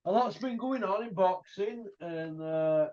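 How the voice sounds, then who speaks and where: A man's voice: high-pitched, unhurried, dark tone. A man with a Leeds accent hosting a casual chat, teasing his guest and rambling into stories over a video call. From England. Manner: joking, teasing, rambling storyteller. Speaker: host. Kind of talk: casual banter. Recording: dull lo-fi call audio.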